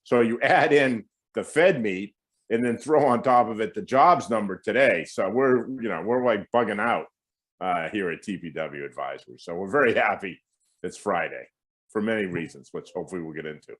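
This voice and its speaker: Chatty middle-aged man, low voice. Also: moderate pace. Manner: chatty, animated, many fillers and asides. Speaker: guest market strategist. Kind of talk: casual finance interview.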